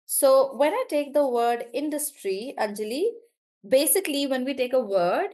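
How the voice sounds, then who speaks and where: Lady teacher on a video call, slightly high voice, cheers students on, drags out syllables slow. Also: animated, a little mellow. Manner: encouraging, draws out syllables slowly when modeling words. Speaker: English pronunciation teacher. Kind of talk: live online class.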